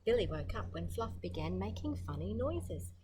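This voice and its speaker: A woman's voice: medium pitch, background noise. An Australian woman reading a picture book aloud to children, stopping to comment and ask questions. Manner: expressive, pauses to comment and ask the listener questions. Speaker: storyteller.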